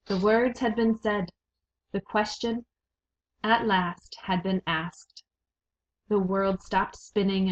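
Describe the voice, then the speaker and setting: A woman reading a children's novel aloud in a slow, measured and expressive way. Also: mid-range voice, slight background noise. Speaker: reader. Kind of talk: read-aloud storybook narration. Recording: dull lo-fi recording.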